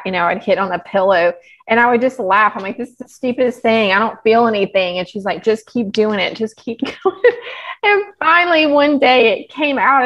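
Woman sharing her story, slightly dull audio. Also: mid-range voice. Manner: open, animated storytelling with laughs. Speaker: podcast guest, health practitioner. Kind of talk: casual interview chat.

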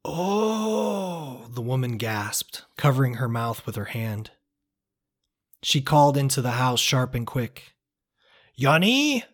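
A man with a voice of ordinary middle pitch narrates his own travel story in the first person. His reading is measured and reflective, with a quiet earnestness as he muses on the people he met. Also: fairly even intonation.

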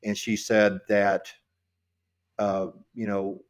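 Podcast co-host, middle-aged man, lowish voice, casual storyteller who stumbles and restarts often. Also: little pitch movement, smooth. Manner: halting, with frequent restarts and repeated words.

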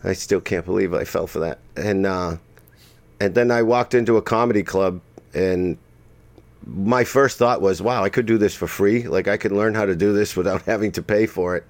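A comedian, telling animated stories in casual chat and laughing often. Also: male voice, low-pitched, normal speed. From Boston area. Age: 60s. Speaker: comedian guest.

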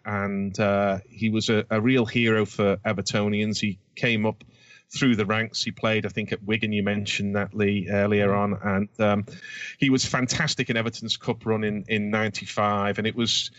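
A low-voiced man chats about old football matches, wandering through his points with plenty of ums and restarts. The recording is dry and a little dull. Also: fairly even intonation, normal speed, a bit bright, no echo. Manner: rambling, frequent ums and restarts. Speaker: podcast co-host. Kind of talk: casual football chat.

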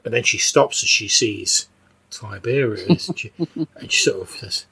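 Gravelly-voiced man narrating a tabletop game. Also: lowish voice, measured pace, bright, forceful tone. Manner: casual, loose narration with many fillers. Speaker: game master.

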